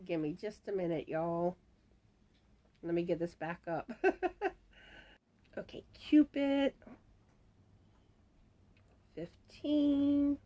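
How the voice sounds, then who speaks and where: A woman's voice: lowish voice, lo-fi sound. A woman hosting a crochet channel, casually announcing giveaway winners and chatting to herself, her voice starting to give out. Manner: chatty and unhurried, mutters asides to herself. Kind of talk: casual giveaway announcement, reading viewer comments.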